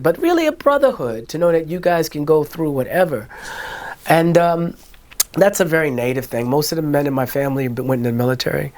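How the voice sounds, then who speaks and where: A middle-aged man, a guest in a candid interview, telling his life story and acting out the voices of family members. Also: a little high. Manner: animated, acts out family voices and quotes.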